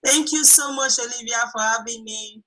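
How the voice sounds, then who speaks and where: A high, very bright woman speaks warmly and with enthusiasm as a guest. Her voice carries a husky edge. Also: moderate pace.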